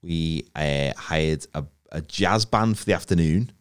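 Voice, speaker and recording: A man's voice: extremely low pitch, measured pace, clear, resonant tone. A man, co-hosting a casual comedy chat, rambling and self-deprecating as he tells stories. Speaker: podcast co-host.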